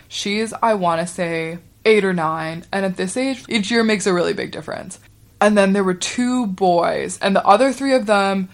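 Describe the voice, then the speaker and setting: Chatty young woman telling a story. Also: on the low side. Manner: chatty, profane, wry. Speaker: podcast host. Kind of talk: casual storytelling.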